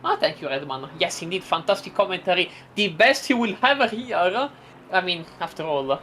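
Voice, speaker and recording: A playful woman calling a sim race live, her voice leaping up and down with lively swings. She giggles between calls and jumps into sudden bursts of excitement, with a faint hiss under the mic. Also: lowish voice, moderate pace, low-quality recording. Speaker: sim racing commentator. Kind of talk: casual live race commentary.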